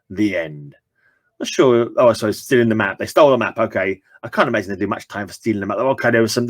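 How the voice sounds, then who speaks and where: A man's voice: lowish voice, no echo. A man reading an old comic book aloud and dropping chatty asides to his viewers. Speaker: comic book reader and channel host.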